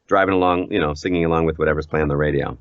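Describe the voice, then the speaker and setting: A man who works as a voice actor, chatting casually as an interview guest in an animated, self-deprecating way and laughing often. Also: very deep voice, rapid-fire, no room sound. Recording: dull lo-fi audio.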